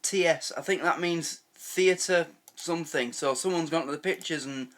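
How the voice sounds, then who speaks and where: Man, reaction video host, bright tone, rambling and laughing. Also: a little high, normal speed. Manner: chatty, laughs often, trails off and restarts. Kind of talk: casual reaction commentary.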